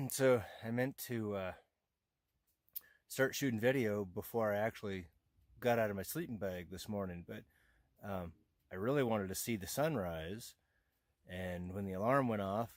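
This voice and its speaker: A man's voice: fairly low pitch, dry recording, poor audio. Groggy man rambling in a camp tent. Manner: rambling, halting, many fillers. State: groggy just after waking. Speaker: motocamping vlogger. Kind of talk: casual camp vlog. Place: inside a hot tent with a wood stove.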